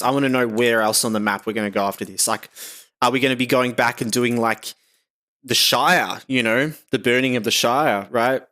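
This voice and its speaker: A young man with an Australian accent talks over a live game stream. He chats loosely, reads out viewers' comments and fills gaps with "you know" and "like". His voice sits in an ordinary middle pitch. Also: fairly bright tone. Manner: chatty, reads chat aloud, frequent fillers.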